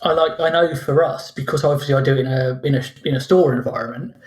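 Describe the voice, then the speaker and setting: A man's voice: medium pitch, quick pace. A man, co-host and game master, chatting casually on a podcast with frequent laughs and restarts.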